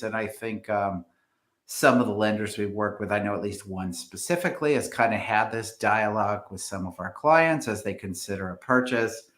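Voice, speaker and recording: A man's voice: lowish voice, fairly bright tone, echoey room. A man, a real estate agent, talking through the housing market on a live stream, hesitant with many fillers and restarts.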